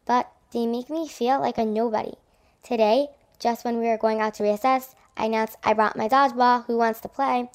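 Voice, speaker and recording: A woman voicing a hurt, shy young girl who is new at school, in a children's audio drama, speaking softly and hesitantly. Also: on the high side, steady tone, moderate pace, natural voice. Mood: sad. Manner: soft, hesitant, confiding.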